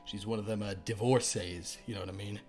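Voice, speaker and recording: A man narrating as game master of a tabletop game, with meandering, casual descriptions that trail off softly. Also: on the low side, steady tone, brisk, faint music behind.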